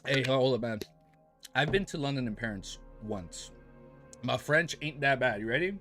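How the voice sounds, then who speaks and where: A man's voice: medium pitch, expressive, moderate pace, a bit bright, soft background music. An American man chatting casually with his live-stream viewers, joking around and laughing often. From United States. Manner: joking, laughs often, mock-French phrases.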